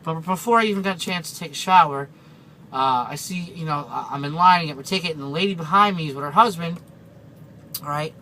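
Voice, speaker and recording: Bright-voiced chatty trucker. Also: male voice, a little high, a little fast, a little hiss or hum, low-quality recording. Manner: rambling, chatty, with many fillers and restarts. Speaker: truck driver. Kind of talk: casual storytelling vlog.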